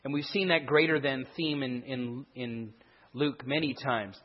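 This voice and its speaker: Husky man teaching in an echoing hall. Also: mid-range voice, unhurried. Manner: explanatory, with frequent restarts and emphatic stresses. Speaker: Bible teacher. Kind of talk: verse-by-verse Bible teaching. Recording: dull sound with a long hall echo.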